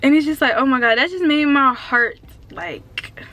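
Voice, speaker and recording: A bubbly teenage woman giving a casual vlog tour from inside her car. Her voice sits a little high, and she gushes and rambles with constant fillers. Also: normal speed. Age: around 19. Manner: excitable and chatty, full of fillers like "like" and "um". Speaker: vlogger.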